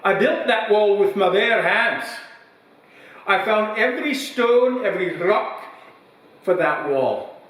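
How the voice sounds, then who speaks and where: A comedian putting on a grumpy old pub regular, high-pitched and indignant, stretching out his words. The voice sounds roomy and a bit distant from the mic, with heavy echo. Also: expressive, a bit bright, heavily acted. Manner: indignant, emphatic, drawn-out words. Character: bitter old male Scottish pub builder.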